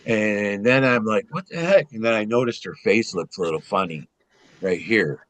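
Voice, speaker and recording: A man telling personal stories in a casual conversation, rambling and animated, with frequent restarts and some swearing. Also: on the low side, moderate pace, no echo. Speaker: guest.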